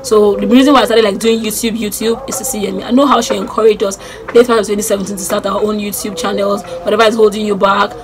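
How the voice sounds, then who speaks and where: A young Nigerian woman with a Nigerian accent, chatting excitedly on her vlog and repeating herself as she gushes about people she admires. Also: medium pitch, quick pace. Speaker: YouTuber. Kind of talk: casual vlog chat.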